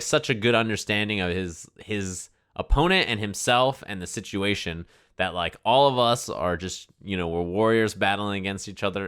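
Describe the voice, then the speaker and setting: A young man streaming, talking in an excited, profane way, often breaking into animated impressions. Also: fairly low pitch, clean tone. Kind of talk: casual chat.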